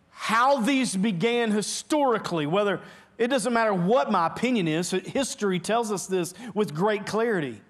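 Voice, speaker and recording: A man's voice: sits high, a bit bright. A man preaching a sermon as pastor in a church, earnest and emphatic, often restarting words as he presses his point. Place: church sanctuary.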